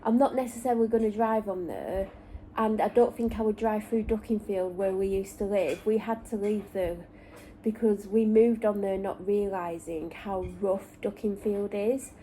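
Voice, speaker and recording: A woman's voice: medium pitch, steady tone, normal speed, dark tone, slight background noise, poor audio. A woman from North West England with a Lancashire accent and traces of Manchester, chatting candidly and rambling in a casual vlog from a parked car. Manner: rambling, candid, self-correcting. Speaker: vlogger. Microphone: camera or phone in the car.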